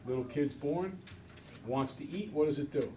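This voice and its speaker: A man's voice: fairly high pitch, normal speed, recorded from a distance, slight background noise, poor audio. A man teaching a math class, talking to students and acting out little scenes as he goes. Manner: animated storyteller, acts out voices. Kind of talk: classroom lecture.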